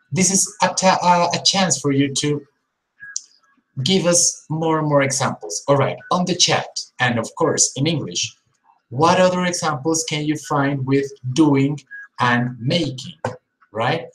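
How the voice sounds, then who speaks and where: An English teacher on a live-streamed lesson, modelling word pairs slowly and repeating them for contrast, and talking to viewers in the chat. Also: medium pitch, echoey room, poor audio.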